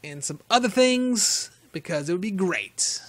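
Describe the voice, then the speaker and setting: High-voiced chatty gaming host. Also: male voice, expressive, measured pace, fairly bright tone. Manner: rambling, chatty, laughs often. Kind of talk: casual let's-play commentary.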